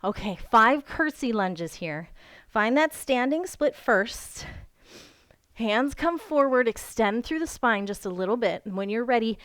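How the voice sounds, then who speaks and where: A woman yoga instructor guides a workout at home, speaking slowly in a fairly high, smooth voice. She counts reps and encourages her students while breathing hard from the exercise. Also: animated, fairly bright tone. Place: home room.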